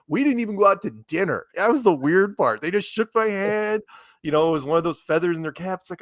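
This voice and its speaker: A man's voice: a little high, lively intonation, normal speed, no room sound, studio quality. A man chatting as a guest over a call, rambling and quoting people as he tells a story. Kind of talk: casual chat.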